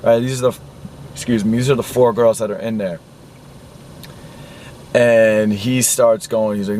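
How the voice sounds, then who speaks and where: A man's voice: lowish voice, brisk, pauses often, darkish tone, slight background noise. Profane, indignant man ranting about a film. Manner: profane, indignant, repeats himself. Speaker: vlogger reviewing a film. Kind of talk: angry film rant.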